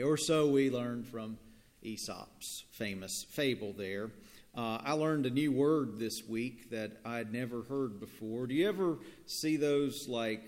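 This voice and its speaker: A male pastor reading scripture and telling a story in a sermon, in a gentle, deliberate manner, in a church. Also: medium pitch. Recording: long church reverb.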